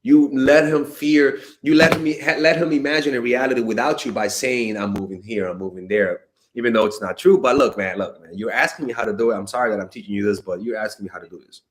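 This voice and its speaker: A man's voice: mid-range voice, fairly even intonation, quick pace, few pauses. A man giving blunt, exasperated dating advice in a casual monologue, swearing and exclaiming as he answers viewer questions. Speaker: dating coach.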